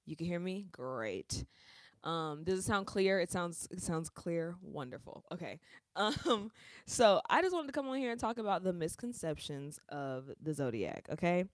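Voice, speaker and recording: A woman's voice: fairly low pitch, no echo. A woman hosting a casual livestream from her bedroom on a small close mic, chatty and slangy, laughing often. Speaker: livestream host.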